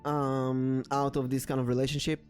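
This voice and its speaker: Rambling man with soft music behind. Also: medium pitch, moderate pace. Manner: rambling, animated when acting out dialogue. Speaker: tarot reader and streamer host. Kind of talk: casual storytelling and tarot reading. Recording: soft background music under the voice.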